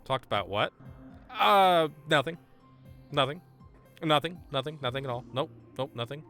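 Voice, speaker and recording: A man streaming a game live, chatting excitably with viewers and stammering over his words. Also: on the high side, normal speed, faint music behind. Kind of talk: live gameplay stream chat.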